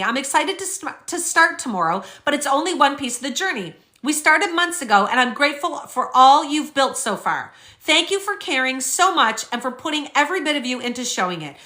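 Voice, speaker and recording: Woman, commentary vlogger, indignant, sarcastic, high-pitched, bright tone. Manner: indignant, fired up, sarcastic asides. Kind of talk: reading and reacting to court filings.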